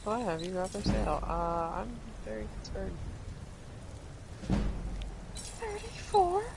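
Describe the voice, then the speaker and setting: A woman hosting a livestream, chatting excitedly about a game and swearing and laughing often. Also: lowish voice, moderate pace, gravelly. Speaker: livestream host. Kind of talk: casual gameplay chat. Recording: noisy stream audio.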